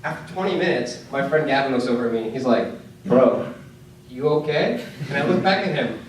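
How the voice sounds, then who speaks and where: A man's voice: medium pitch, animated, normal speed, a little hiss or hum. Young man doing stand-up in an echoey club. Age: young adult. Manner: storytelling with acted-out dialogue, rising to shouts. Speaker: stand-up comedian. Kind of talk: stand-up comedy set. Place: comedy club stage with live audience. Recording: distant mic in an echoey room. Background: audience laughter.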